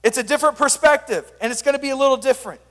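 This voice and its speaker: A young man speaking as a youth pastor, giving an energetic, joking sermon full of stories. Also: very high voice, racing, in a large hall. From Sand Springs area, US.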